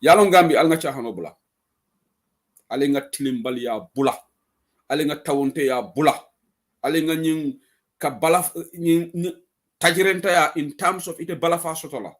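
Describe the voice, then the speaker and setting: Man, from Gambia, political show host, blunt, forceful, mixes in English. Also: fairly high pitch, moderate pace, pauses often. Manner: blunt, forceful, switches between local language and English. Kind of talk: online political talk show with callers.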